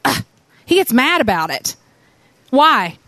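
A woman preaching a sermon, telling the story in an animated way and asking many rhetorical questions. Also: sits high, takes it slowly, no room sound.

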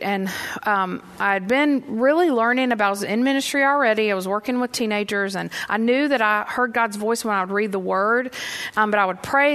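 A woman's voice: a little high, fairly bright tone. A middle-aged woman giving a sermon in a conversational storytelling way, acting out her own reactions. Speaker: women's ministry leader preaching.

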